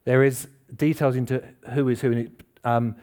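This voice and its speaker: Speaking at a moderate pace in a steady, darkish mid-range voice, a man gives a casual sermon in a church hall. He keeps it chatty, putting questions to the congregation and joking about himself.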